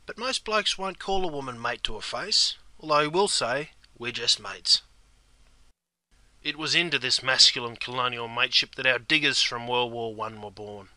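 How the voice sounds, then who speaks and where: Bright-voiced Australian bloke explaining slang. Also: male voice, mid-range voice, brisk, few pauses, dry recording. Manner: laid-back, slang-heavy, keeps saying mate. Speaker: slang teacher. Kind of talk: comedic scripted explanation.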